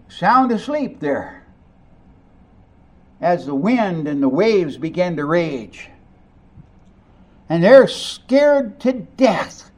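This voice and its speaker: A man preaching with a high, lively voice that rises and falls widely. He takes his time and swings from quiet, hushed lines to emphatic ones, and he keeps putting questions to the congregation. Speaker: pastor. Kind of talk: sermon.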